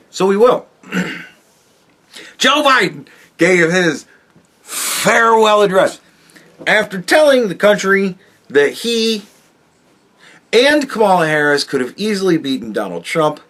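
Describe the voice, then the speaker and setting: Animated, profane man ranting on politics. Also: a little slow, long pauses. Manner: profane, animated, swings from loud outbursts to low mutters. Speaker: podcast host.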